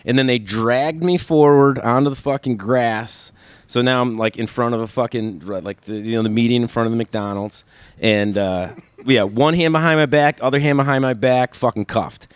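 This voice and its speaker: A man's voice: medium pitch, moderate pace, smooth, no echo. A man telling a story casually in a podcast studio, rambling and swearing heavily, and acting out what other people said. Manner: profane and rambling, acts out others' lines.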